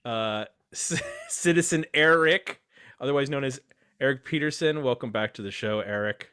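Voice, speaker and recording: Man, podcast host, casual roundtable chat, chatty, self-deprecating, mid-pitched voice. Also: moderate pace, a bit bright, clear, resonant tone.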